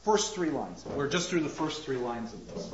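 A man lecturing on poetry, reading lines aloud slowly and stressing each beat. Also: medium pitch, animated, noisy background. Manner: slow, deliberate, reads lines aloud with stressed beats. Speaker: literature lecturer. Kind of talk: close reading of verse, lecture. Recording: roomy, slightly dull audio.

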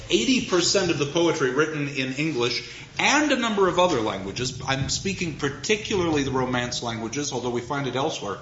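A man giving a reflective lecture on poetry, speaking in a measured, thoughtful way and slowing down to stress key phrases. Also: fairly high pitch, a bit bright, echoey room, dull audio, a little hiss or hum. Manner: measured, thoughtful, with deliberate pauses and slowed emphasis.

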